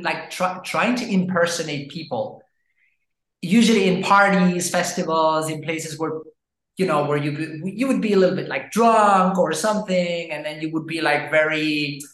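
A man chats animatedly as an interview guest and keeps the story moving with frequent fillers. His voice sits on the higher side, and the recording has a roomy echo. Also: a bit bright. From Brazil. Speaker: guest, language educator. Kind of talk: casual interview chat.

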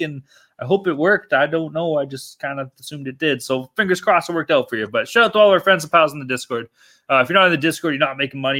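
A young man hosting a podcast in loose, profane, joking banter. His voice is bright and a little high for a man, and he talks in an easy, casual way. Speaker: podcast host.

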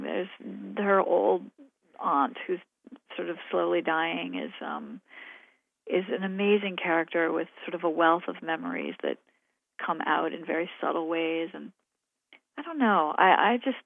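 A woman's voice: on the low side, expressive, a little slow, vocal fry, no room sound. A woman novelist talking thoughtfully and hesitantly about her writing, and reading aloud from her own novel. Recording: phone-like radio line.

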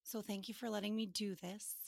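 This is a woman therapist speaking candidly on a podcast. She talks in an earnest, halting way, her voice slipping into a gravelly fry. The sound is dry and close. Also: mid-range voice, fairly even intonation, dry recording. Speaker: podcast co-host and grief therapist.

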